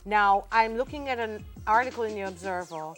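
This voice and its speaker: Jamaican woman in her 40s, morning tv host, playful and animated, faint music behind. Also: medium pitch, fairly quick. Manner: animated, playful, switches into patois. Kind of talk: lively studio chat and news reading. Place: TV studio.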